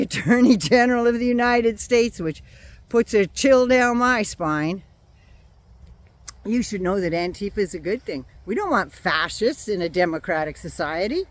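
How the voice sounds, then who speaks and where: A woman's voice: fairly high pitch, no echo. An older woman with a runny nose from a cold, ranting bluntly and sarcastically about politics and swearing freely. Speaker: vlogger. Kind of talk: casual political rant.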